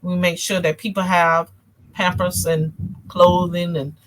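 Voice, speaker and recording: A woman's voice: on the low side, flat delivery, a little slow. A woman from North Carolina with a country twang, hosting a casual political talk show and chatting with viewers. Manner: chatty, addresses viewers as y'all, reads comments. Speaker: show host.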